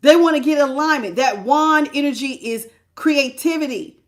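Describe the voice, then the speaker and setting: Speaking at normal speed in a high-sitting voice, the woman hosts a live tarot reading. Her manner with viewers is casual and emphatic, with lots of laughter and repeated phrases.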